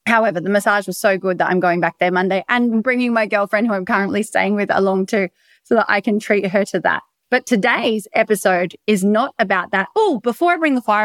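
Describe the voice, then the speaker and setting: An Australian woman hosts her own podcast alone, speaking straight into a dry, close mic with no room sound. She rambles through stories with lively energy and drops swear words freely. Her voice sits at a middle pitch for a woman. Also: a little fast, dry recording. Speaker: podcast host. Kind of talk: casual solo podcast monologue. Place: bedroom.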